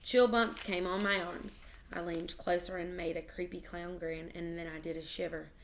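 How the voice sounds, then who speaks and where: A woman reading a children's book aloud, expressive and animated, with small slips and restarts. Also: on the low side, moderate pace, a little hiss or hum. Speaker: reader.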